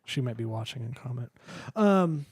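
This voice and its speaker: A man co-hosting a casual podcast chat, teasing and dropping quick wry jokes. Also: mid-range voice, animated, a little mellow, slightly rough, dry recording. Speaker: podcast co-host.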